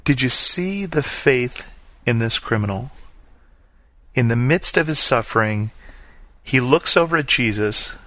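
A man preaching a sermon, reading scripture and then explaining it earnestly, slowing down to stress the key lines. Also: medium pitch, lively intonation, bright, forceful tone, no room sound. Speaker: pastor.

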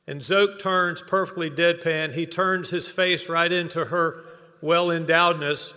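A man's voice: on the high side, fairly even intonation, a little slow, bright, forceful tone. A man giving a humorous tribute speech at a hall of fame induction, telling anecdotes before an earnest close. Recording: long reverb of a banquet hall.

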